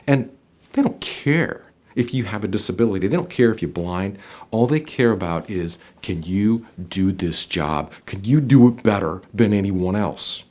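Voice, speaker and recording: A man talking as a job interview coach, giving advice to camera in an emphatic way, with sudden loud stresses and quiet drops, often repeating phrases. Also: fairly low pitch, animated, normal speed. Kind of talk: direct-to-camera advice talk.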